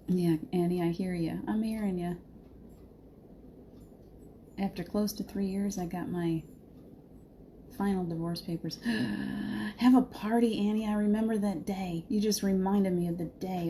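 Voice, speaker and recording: Woman, middle-aged, mellow low voice, heartfelt spiritual talk, laughs often, faint ambient hiss. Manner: heartfelt, laughs often, reads viewer comments. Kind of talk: live-streamed spiritual talk.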